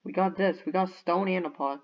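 A young woman giving bubbly, excitable commentary on a video game and cheering at her finds. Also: lowish voice, brisk, lo-fi sound. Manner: bubbly, excitable, squeals and shouts in surprise. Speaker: gaming YouTuber.

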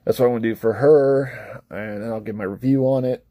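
A man rambles casually to camera in a mellow, warm voice, swearing freely and laughing often between thoughts. The sound is dry and close, with no room around it. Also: medium pitch, fairly even intonation, brisk, no room sound. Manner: rambling and profane, with frequent laughs and acted-out asides. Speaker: vlogger reviewing books and films; parent of a young child. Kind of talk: casual unscripted chat to camera.

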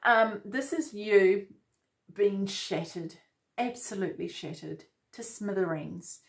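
A woman's voice: medium pitch, slow pace, vocal fry. Enthusiastic woman giving a tarot reading. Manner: enthusiastic, effusive, addresses viewer directly. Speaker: tarot reader. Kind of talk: casual spoken tarot reading.

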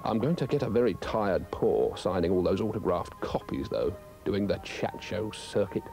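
A man's voice: low-pitched, moderate pace, gravelly, darkish tone, faint music behind. A man voicing a pompous, self-important male dog who muses loftily about writing his memoirs. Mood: lofty. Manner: lofty, self-satisfied musing.

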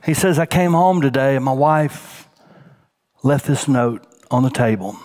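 A man preaches a sermon at a medium pitch. He sinks to a hushed near-whisper on tender points and lifts his voice as he tells a story. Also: lively intonation, unhurried. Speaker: senior pastor.

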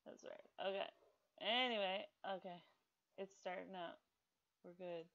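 A woman's voice: mid-range voice, slow, fairly bright tone, muffled recording. A woman casually commenting on her own gameplay, rambling with lots of fillers and scolding the game characters aloud. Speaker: gaming video host.

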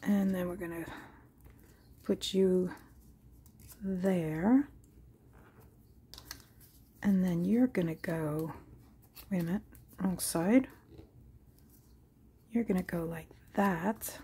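A woman with a warm, mellow voice talks slowly through a crafting tutorial, thinking aloud as she goes. Now and then she slips into a soft whisper. A faint hiss sits under the recording. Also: lowish voice. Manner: unhurried, musing aloud while working, drifts into soft whispers. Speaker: crafting channel host. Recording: faint background noise.

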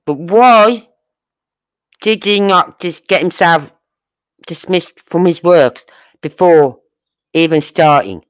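Slow-talking sarcastic true crime commentator. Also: medium pitch. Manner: sarcastic, rhetorical questioning; blunt, uses crude slang. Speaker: true crime channel host.

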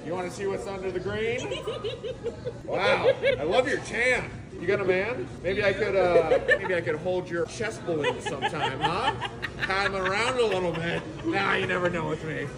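A man's voice: high voice, expressive, normal speed, a loud crowd. A man playing a crude, flirty, cocky Grinch in a public comedy skit, talking brashly. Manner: brash, joking, loud. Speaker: comedian in costume.

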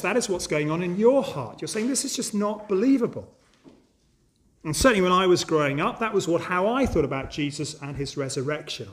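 High-voiced man preaching an Easter sermon. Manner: earnest, emphatic, addresses listeners directly. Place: church service.

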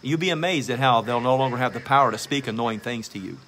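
A man's voice: medium pitch, fast, a bit bright, slight background noise. A man preaching a sermon as pastor, emphatic and exhorting, repeating phrases for stress.

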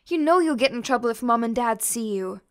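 A woman's voice: fairly high pitch, animated, brisk, clear, resonant tone, close to an everyday voice. A woman voicing a protective, bossy big sister who scolds her younger brothers.

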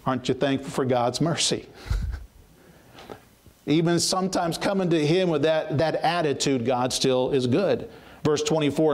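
A man's voice: on the high side, normal speed. A man preaching a sermon as pastor, reading scripture aloud and then retelling it in plain, earnest words. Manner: reads scripture aloud in King James wording, then paraphrases it plainly; earnest, with frequent repeated starts.

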